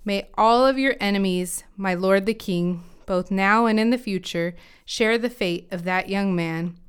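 A woman's voice: mid-range voice, unhurried, clear, resonant tone, natural voice. A courtly foreign messenger, read by a woman. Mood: formal. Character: formal foreign male messenger.

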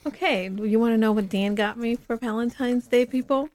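A woman co-hosting a podcast with her husband, chatting casually, effusive and quick to laugh. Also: on the high side, a little mellow, slight background noise. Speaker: podcast co-host. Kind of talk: casual chat.

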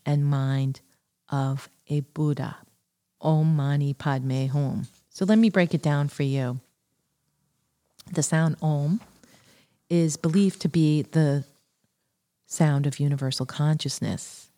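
Calm woman, low voice, very unhurried spiritual teacher explaining mantras. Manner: calm, measured, explains each syllable.

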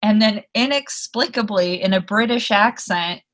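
A woman's voice: mid-range voice, moderate pace. A young woman co-hosting a podcast, chatting casually with a lot of swearing and laughter. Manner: profane, animated, laughs often. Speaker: podcast co-host. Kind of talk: casual chat.

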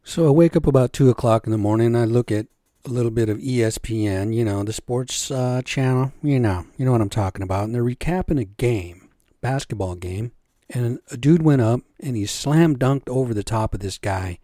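A man's voice: medium pitch, brisk, mellow, no room sound, studio quality. A man telling a story to his viewers in a casual, chatty way, often checking in with listeners. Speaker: storyteller and vlogger.

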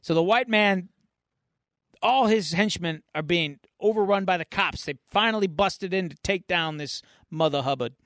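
Fairly high-voiced guy on a comic podcast, retelling a story all animated, dry sound. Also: normal speed, no room sound. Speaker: podcast host. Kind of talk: casual comic book chat.

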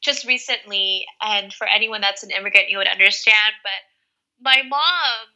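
A woman's voice: mid-range voice, normal speed, bright, forceful tone, lo-fi sound. A woman guest talking earnestly and emotionally over a video call, swearing casually. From United States. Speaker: guest business coach. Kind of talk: casual interview chat.

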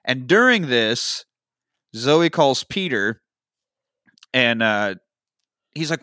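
A man co-hosting a podcast, recapping a movie with lively quoted lines, swearing and laughs. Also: medium pitch, slow pace, pauses often, smooth, dry recording, clean studio sound. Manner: animated retelling, quoting characters, swearing, laughing. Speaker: podcast co-host. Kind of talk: casual movie recap chat.

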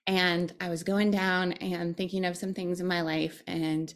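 A woman meditation teacher, a podcast guest, speaking in a reflective, gentle and thoughtful way. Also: mid-range voice, unhurried, creaky. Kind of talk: podcast conversation.

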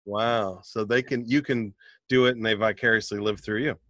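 A man hosting a laid-back podcast chat, recorded close and dry with no room sound. He riffs quickly and playfully between his questions. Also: lowish voice, fairly even intonation, fairly bright tone, no room sound.

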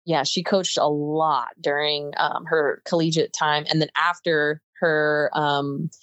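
Low-voiced young woman, chatty guest. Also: steady tone, a bit bright, dry recording, highs cut off. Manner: chatty, fast bursts with many fillers. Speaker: podcast guest, softball player. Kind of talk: casual interview chat.

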